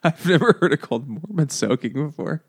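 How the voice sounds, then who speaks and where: A man co-hosting a casual comedy book podcast, laughing often and acting out the characters in quick put-on voices. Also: fairly high pitch, lively intonation, creaky, husky. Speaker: podcast co-host.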